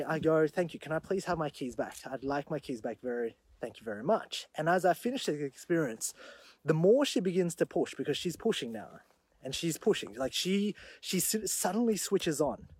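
A man hosting his own show, telling a story in an animated monologue that grows loud when he retells the confrontation. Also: fairly high pitch, a little fast, husky, dry recording. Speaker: podcast host.

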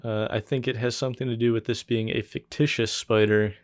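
A man co-hosting a casual podcast, recapping a film in a laid-back, even-toned way. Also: mid-range voice, a little fast, no room sound, studio quality. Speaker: podcast co-host.

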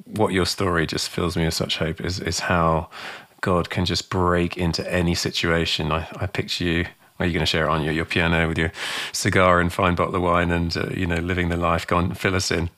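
A male interviewer with a very deep voice and a flat, even delivery. He prompts his guest gently and encouragingly in a relaxed conversational style. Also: a little fast.

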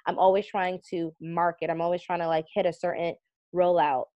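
A woman's voice: lowish voice, little pitch movement, fairly quick, dry recording. A woman in a casual podcast chat as a guest, talking earnestly and chattily with lots of fillers. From United States. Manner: chatty, earnest, heavy use of "like". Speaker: magazine CEO and editor, guest. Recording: dull, slightly muffled audio.

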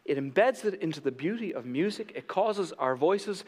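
A male pastor preaching a sermon with passion, swinging between loud declarations and hushed emphasis. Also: fairly high pitch, lively intonation, moderate pace, in a large hall. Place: church sanctuary.

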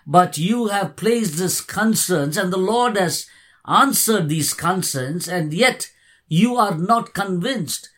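A man preaching a sermon, earnest and emphatic, repeating key words. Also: a little high. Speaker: pastor.

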